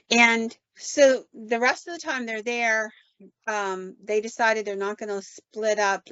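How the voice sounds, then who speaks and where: A woman podcast host telling a story in an animated, conversational way, often quoting people with "like". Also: medium pitch, no echo. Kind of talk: casual storytelling. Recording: dull, dry sound.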